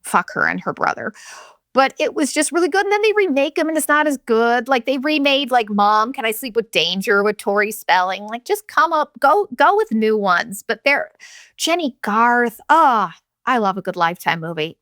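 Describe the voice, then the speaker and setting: A woman's voice: a little high, lively intonation, moderate pace, a bit bright, no echo, studio quality. A woman in her forties, from Arizona, hosting a casual solo podcast, telling rambling, profane, jokey stories. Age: 40s. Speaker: podcast host.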